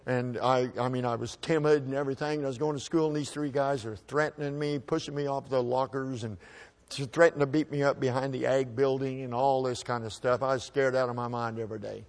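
A man at a microphone tells an audience a personal story in a plain, folksy way. His voice sits at an ordinary middle pitch for a man. He often stumbles and repeats a word before pressing on. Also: steady tone. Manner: folksy, halting, repeats words while restarting. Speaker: speaker telling a personal story.

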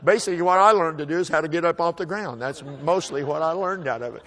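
Speaking into a mic to a crowd, this man recounts something from his own life, stumbling folksily and restarting with repeated words. His pitch sits fairly high, with a slightly bright tone.

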